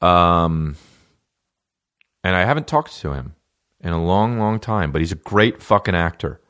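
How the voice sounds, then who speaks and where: A man's voice: low-pitched, lively intonation, a little slow, a bit bright. A middle-aged man hosting a podcast, rambling loosely through tangents with lots of swearing and restarts. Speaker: podcast host. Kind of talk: casual rambling monologue.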